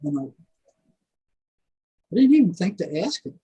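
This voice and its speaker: An older man telling a long story in a rambling, animated way, full of fillers and asides. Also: high-pitched, normal speed, husky, muffled recording. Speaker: guest, former prison psychology worker. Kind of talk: casual storytelling interview.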